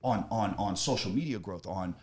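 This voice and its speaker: Brash, cursing young guy from Florida, lowish voice, loud boasts that drop to quiet. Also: normal speed. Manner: brash, boastful, swears a lot, swings from loud to low. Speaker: podcast host, business owner. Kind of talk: casual chat.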